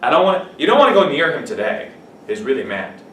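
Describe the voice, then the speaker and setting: A male English teacher goes through vocabulary with his class, offering example sentences and asking his students questions. His medium-pitched voice is sing-song and a little fast. A distant mic catches him across an echoey classroom, with a soft hum of room noise behind.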